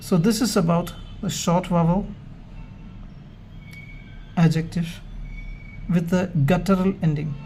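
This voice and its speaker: Slow gravelly male grammar lecturer. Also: high voice, steady tone, warm tone, a little hiss or hum. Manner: measured, stepwise explaining with pauses. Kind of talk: slow, methodical grammar lesson.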